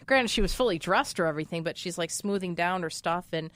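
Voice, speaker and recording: A woman's voice: fairly low pitch, fast talker, a bit bright, no echo. Chatty woman, dry close sound. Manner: rambling, with many fillers and frequent laughter. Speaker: co-host. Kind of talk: casual chat about movies.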